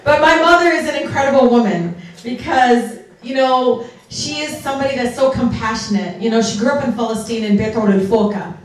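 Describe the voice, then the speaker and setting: A woman whose first language is Arabic, speaking as a guest at a fundraiser in a large hall. She tells stories in an animated way and slips into Arabic now and then. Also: on the high side, fairly quick. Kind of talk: storytelling speech at a fundraiser. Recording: echoey hall from far off.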